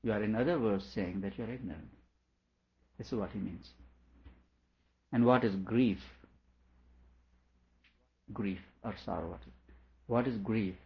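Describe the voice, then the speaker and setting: A man teaching a lecture on a scripture, working through each point slowly and repeating himself to make it clear. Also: on the low side. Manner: deliberate, explains by repeating and rephrasing. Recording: dull lo-fi recording.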